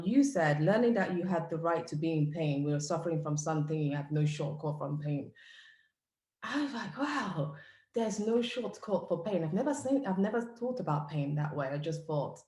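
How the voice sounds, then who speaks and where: Low-voiced earnest woman host, echoey room. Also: dark tone. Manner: earnest, admiring, rambling long questions with restarts. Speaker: interview host. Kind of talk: conversational interview questions.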